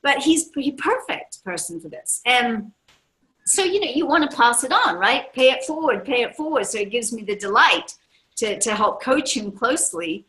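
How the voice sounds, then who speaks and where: A woman's voice: on the high side, very animated, moderate pace, pushed and bright, low-quality recording. A woman in her sixties gives a motivational seminar talk to a live audience as a business leader, enthusiastic and emphatic, often repeating her key phrases. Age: 60s. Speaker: network marketing leader.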